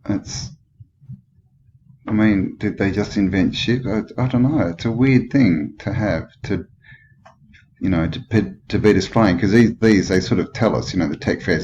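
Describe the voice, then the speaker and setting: A man's voice: sits low, moderate pace, darkish tone. An Australian man giving a rambling commentary over old photos, musing and skeptical, thinking aloud with many questions. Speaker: channel host. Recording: dull lo-fi with clear background noise.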